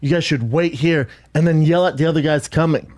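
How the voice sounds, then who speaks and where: A man's voice: a little high, a little fast, darkish tone. Profane man telling a story on a podcast. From Southern California. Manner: profane, acts out the voices in his stories.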